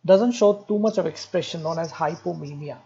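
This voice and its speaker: Guy teaching med students, repeats terms a lot, kinda high voice, muffled lo-fi audio. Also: a little fast, dark tone. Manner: explanatory, repeats key terms, frequent "okay"; addresses students directly, lightly joking. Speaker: medical lecturer. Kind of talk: recorded exam-prep lecture.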